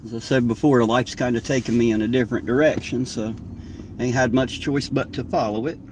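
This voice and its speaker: A man's voice: medium pitch, fairly even intonation, brisk. A man from southern Ohio with a drawl, chatting casually and folksily on a live stream while driving. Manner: laid-back, folksy, rambling. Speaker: livestreamer. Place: inside a car driving at night. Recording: distant mic with faint road noise.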